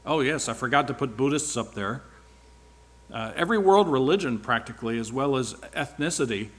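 A man's voice: mid-range voice, animated, brisk, a bit bright. A man speaking at church, giving a rambling, informal sermon-style report with wry asides.

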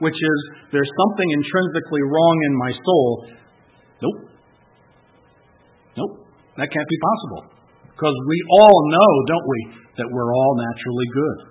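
A man's voice: fairly high pitch, slight background noise. A middle-aged man giving a sermon as a pastor, speaking conversationally and repeating key phrases for emphasis. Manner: conversational preaching, emphatic repetition. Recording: tinny narrow-band radio broadcast.

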